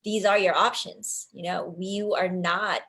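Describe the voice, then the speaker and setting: A woman's voice: mid-range voice, fairly even intonation, a little slow, fairly bright tone. Hesitant woman panelist on a video call. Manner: hesitant, with fillers and restarts. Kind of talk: online panel discussion.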